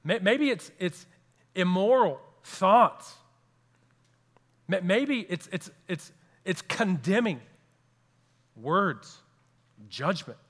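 A man's voice: high voice, expressive, very slow, pauses often, fairly bright tone, big-room sound. A man preaching a sermon as pastor, earnest and repeating key phrases for emphasis.

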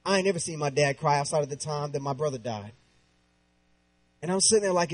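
A man in his thirties preaching a sermon with passion, dropping to a hushed tone when he tells a personal story. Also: on the high side, quick pace, poor audio.

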